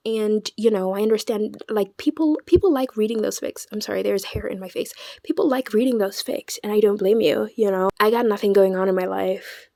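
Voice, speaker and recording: Animated young woman vlogger, dry sound. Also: medium pitch, a little fast, creaky, hardly any pauses, no room sound. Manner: animated and dramatic, with stammered restarts. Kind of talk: casual chat.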